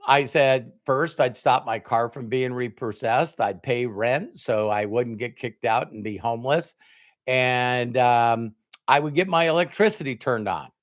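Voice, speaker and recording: A man giving a motivational talk, telling a personal story with emphatic quoted dialogue. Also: medium pitch. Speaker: motivational speaker.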